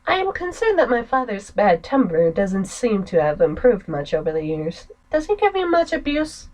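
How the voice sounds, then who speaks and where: A woman's voice: mid-range voice, sing-song, normal speed, darkish tone, lightly acted, low-quality recording. A woman voicing an earnest young man who politely asks questions. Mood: concerned.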